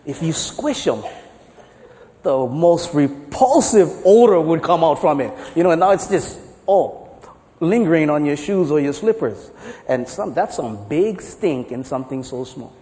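A pastor whose voice is on the high side delivers a sermon a little slowly, with a big-room sound around him. He tells stories playfully and keeps things lively with jokes.

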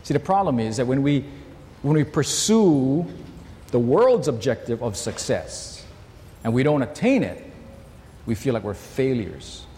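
A man preaching a sermon in a church, telling a personal story in a conversational, emphatic way that swings between loud and hushed. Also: medium pitch, expressive, a little slow, in a large hall, a little hiss or hum. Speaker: pastor.

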